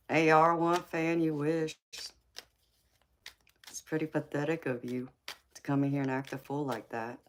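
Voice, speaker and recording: A woman's voice: sits low, level tone, unhurried, pauses often, a little hiss or hum. A woman hosting a casual live chat, teasing viewers playfully, laughing often and calling them baby and sweetheart.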